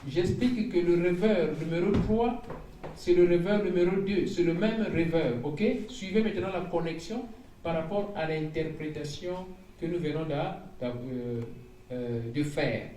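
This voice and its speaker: A man's voice: a little high, dark tone, slight background noise. A man preaching as an evangelist, reading out dreams and interpreting them, with frequent exclamations and repeated phrases. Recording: echoey room heard from a distance.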